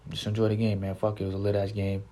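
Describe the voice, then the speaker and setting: A man's voice: fairly low pitch, completely flat delivery, very fast, mellow. A man hosting a casual sports podcast, laid-back and slangy, often repeating himself. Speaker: podcast host.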